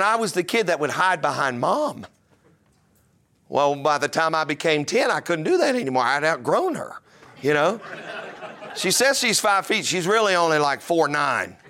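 A man pastor delivering a sermon, telling stories and preaching with rising, emphatic energy. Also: fairly high pitch. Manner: animated, rises to loud emphatic preaching.

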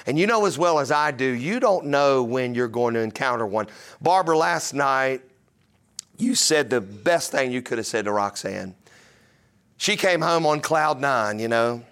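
A man's voice: mid-range voice, lively intonation, moderate pace, fairly bright tone. A man preaching a sermon in a conversational, joking way, often putting questions to his listeners. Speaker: pastor.

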